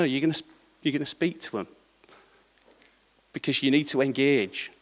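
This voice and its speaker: A middle-aged man delivers a conversational sermon in a large hall, frequently checking in with the congregation with a repeated "yeah?". His voice is medium-pitched and his speed normal.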